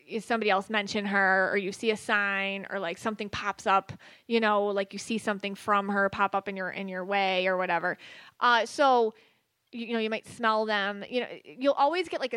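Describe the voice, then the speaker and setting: A woman's voice: medium pitch, fairly bright tone, smooth, no echo. A woman hosting a podcast, talking casually with many fillers and restarts. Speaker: podcast host and psychic medium. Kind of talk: casual spoken monologue.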